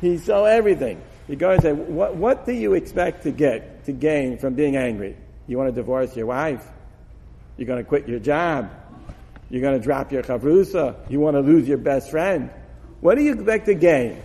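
A man giving an animated Torah lecture, acting out dialogue with frequent laughs. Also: a little high, normal speed, husky. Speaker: Torah teacher. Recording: long hall reverb.

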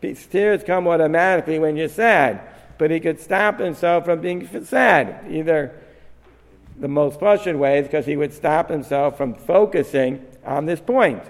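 A man's voice: a little high, a little slow. Man teaching with long hall echo. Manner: thinking aloud, questioning and restarting often. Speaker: Torah teacher. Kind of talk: Talmudic-style study lesson.

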